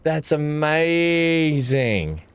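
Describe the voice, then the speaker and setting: A man's voice: on the high side, very animated, very slow, no echo. Chatty man talking to his dog. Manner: chatty, talks to his dog while opening gifts; muttering asides, frequent throat clearing. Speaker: gaming video creator. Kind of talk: casual unboxing chat.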